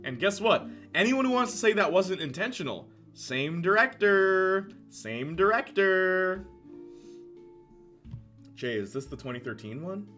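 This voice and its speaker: A young man streaming casual commentary, animated, laughing often and answering chat. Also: on the high side, brisk, hardly any pauses, faint music behind.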